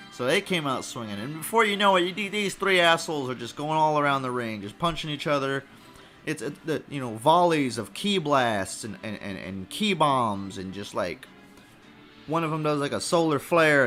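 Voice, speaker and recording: A man hosting a comedy podcast, rambling and swearing through a food review. His voice sits a little high and rings bright. Faint music plays behind him. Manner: profane, rambling, excitable. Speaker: podcast host.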